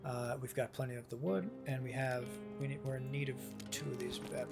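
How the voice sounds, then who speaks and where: Gravelly-voiced man streaming a game. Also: medium pitch, little pitch movement, a little fast, hardly any pauses. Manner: chatty, swears freely, thinks aloud. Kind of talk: casual gameplay commentary. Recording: game music playing behind.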